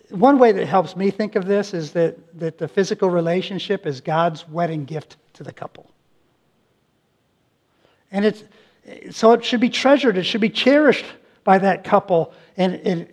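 A middle-aged male pastor preaching a sermon, emphatic, repeating phrases and restarting his sentences. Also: high-pitched.

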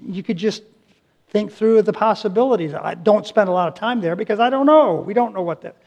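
A man's voice: high voice, brisk, darkish tone. A middle-aged male pastor preaching a sermon, emphatic, repeating phrases and restarting his sentences.

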